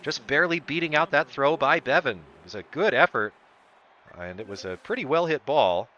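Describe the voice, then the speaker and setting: Excitable man calling a video game ballgame. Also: medium pitch, normal speed, muffled recording. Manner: excitable, voice jumps up on big plays. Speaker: streamer doing play-by-play. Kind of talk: sports-style play-by-play commentary of a video game.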